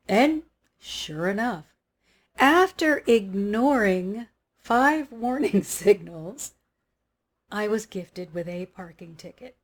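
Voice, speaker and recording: A woman telling a personal story in a lively way, acting out what she and others said. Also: mid-range voice, takes it slowly. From Los Angeles area. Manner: animated, acts out her own quotes. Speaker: spiritual teacher.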